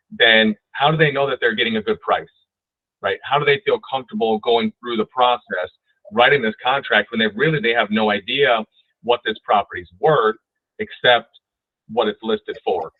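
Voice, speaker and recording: Pitched lowish, his voice keeps a fairly even intonation at normal speed, with no echo present. He's a man instructing real estate agents in a video-call webinar, emphatic in delivery and repeatedly asking "right?". It's recorded with tinny, dry, phone-style audio.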